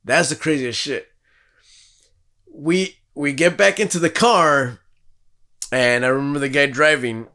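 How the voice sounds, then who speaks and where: A man's voice: a little high, a little slow, long pauses. A man co-hosting a podcast, telling a story in casual, profane talk and acting out what people said. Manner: profane, animated, acts out quotes. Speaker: podcast co-host.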